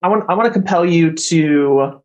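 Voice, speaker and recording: Game master, a man with a fairly high voice, halting and full of ums. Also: muffled recording. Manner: halting, many ums and restarts. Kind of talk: running a tabletop game.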